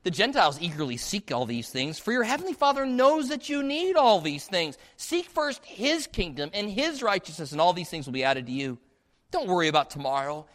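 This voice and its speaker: Male pastor, slightly high voice, animated sermon storyteller. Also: a little fast. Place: church sanctuary. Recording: long hall reverb.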